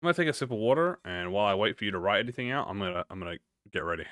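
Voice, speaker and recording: Lively, bright-voiced male streamer. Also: lowish voice, rapid-fire, dry recording, studio quality. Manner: stutters and restarts often; encouraging, talks to chat with slang. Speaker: livestreamer reading a story game aloud. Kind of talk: casual chat with viewers, then reading aloud.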